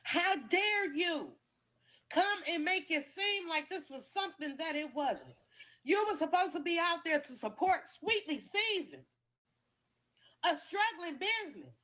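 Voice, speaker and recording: Woman, high bright voice, emotional and defensive, business owner. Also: animated, moderate pace. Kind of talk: emotional video statement.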